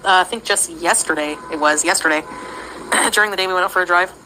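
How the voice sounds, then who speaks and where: Bright-voiced woman rambling through a story. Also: on the low side, fast, slight background noise, poor audio. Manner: meandering, filler-heavy, giggly. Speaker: livestreamer.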